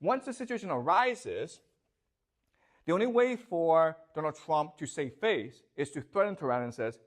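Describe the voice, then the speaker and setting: A man's voice: a little high, sing-song, unhurried, long pauses. A man lecturing a class, constantly checking that his students understand with rhetorical questions.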